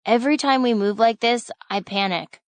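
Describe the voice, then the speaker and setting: A woman's voice: on the high side, moderate pace, dry recording, close to an everyday voice. A woman reads as a shy, tall boy who rarely talks but now blurts out his fears. The voice is a little raised and close, in a dry recording. It sounds like a storybook read aloud. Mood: worried. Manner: blurting out worries, then exclaiming.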